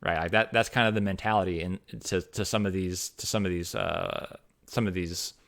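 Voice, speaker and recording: A man's voice: low voice, steady tone, moderate pace, gravelly, a bit bright. A man, a fantasy author giving his opinions in a rambling, casual monologue full of restarts and fillers.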